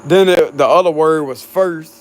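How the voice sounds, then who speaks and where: A man's voice: on the high side, normal speed. A man with a Cajun accent chatting casually with his supporters as a tarot reader, outdoors on a hot night. He is laid-back, laughs a lot and swears freely. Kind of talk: casual rambling chat.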